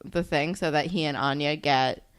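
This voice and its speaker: A woman's voice: sits low, fairly even intonation, moderate pace, smooth. A woman with a New Jersey accent co-hosting a podcast, chatting casually and acting out characters' lines. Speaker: podcast co-host. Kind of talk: casual chat recapping a TV episode.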